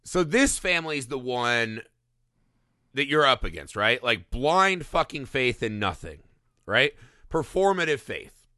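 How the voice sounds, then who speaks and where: A man's voice: medium pitch, very animated, unhurried, pushed and bright, dry recording, clean studio sound. A man co-hosting a podcast, talking casually and profanely about a movie and acting out the lines he quotes. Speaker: podcast co-host. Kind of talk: casual movie review chat.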